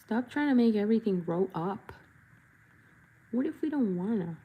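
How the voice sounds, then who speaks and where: A woman's voice: medium pitch, lively intonation, moderate pace, pauses often, husky, highs cut off. A young woman chatting playfully while she paints, reading comments and breaking into silly voices and jingles. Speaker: body painter and vlogger. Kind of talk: casual chat while painting.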